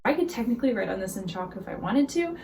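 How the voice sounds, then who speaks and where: A woman's voice: fairly high pitch, lively intonation, fast, loud music behind the voice. A young woman giving a casual, upbeat room tour of her bedroom, talking to the camera with lots of "um"s and "like"s, with a few Spanish words in between. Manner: chatty, upbeat, many "um"s and "like"s.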